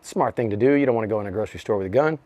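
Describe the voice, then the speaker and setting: With a voice on the low side and a rapid-fire delivery, a US rapper in his fifties spins a story during an interview. He swears freely, laughs a lot, and acts out the lines he quotes. The recording is dry.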